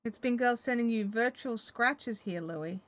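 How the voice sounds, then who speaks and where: Aussie lady with a highish voice, chatting away to herself and her dog while she knits. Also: unhurried, fairly bright tone, dry recording. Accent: Australian. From Australia. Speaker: crafting vlogger. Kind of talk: casual crafting vlog.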